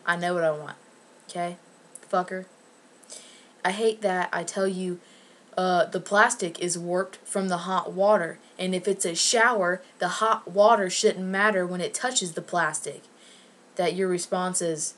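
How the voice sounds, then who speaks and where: A woman's voice: lowish voice, fairly even intonation, measured pace, a bit bright. A woman vlogger ranting angrily and sarcastically to camera, with plenty of swearing. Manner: angry, profane, sarcastic.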